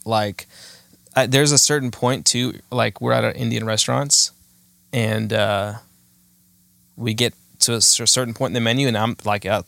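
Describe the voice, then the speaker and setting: A man's voice: on the low side, creaky, a bit bright, no echo. A man in his thirties hosting a podcast, chatting casually in a rambling, self-mocking way full of fillers. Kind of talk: casual chat.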